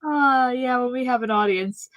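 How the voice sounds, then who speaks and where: A woman's voice: on the high side, moderate pace, dry recording, muffled recording. A woman podcast co-host making playful, joking quips in casual chat.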